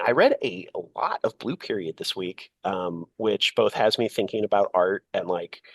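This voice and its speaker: A man's voice: fairly low pitch, no room sound. A man co-hosting a comics podcast, talking in a rambling casual way with many fillers and restarts. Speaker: podcast co-host.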